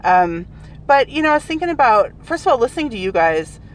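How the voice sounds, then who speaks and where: A woman's voice: a little high, big pitch swings, brisk, a little hiss or hum, low-quality recording. A woman co-hosting a casual podcast, thinking aloud in a reflective, reasoning way. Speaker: podcast co-host.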